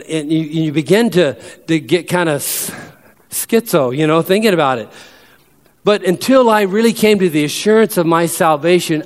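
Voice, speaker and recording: A man preaching a sermon as pastor, emphatic, and slowing down whenever he reads a verse aloud. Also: a little high, long reverb tail. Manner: emphatic preacher who slows down to read verses.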